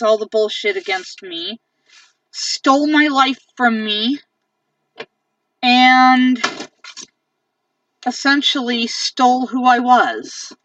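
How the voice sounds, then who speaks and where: A woman's voice: a little high, a bit bright, no room sound. A woman venting in an angry monologue, repeating herself and swearing for emphasis. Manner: angry, repetitive ranting; profane, emphatic. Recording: dull lo-fi sound from a distance.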